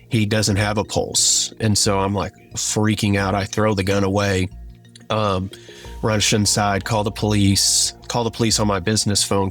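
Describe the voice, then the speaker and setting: A man tells a personal story in an earnest, halting way, with many "like" fillers. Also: on the low side, a bit bright. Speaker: guest sharing his testimony.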